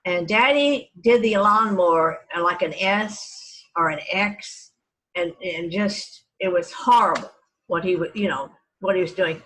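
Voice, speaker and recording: A woman's voice: medium pitch, unhurried, a bit bright, poor audio. An older woman from Texas reminiscing about her childhood family, meandering through her memories with frequent restarts and self-corrections. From Dallas, Texas. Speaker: family storyteller. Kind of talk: reminiscing oral history.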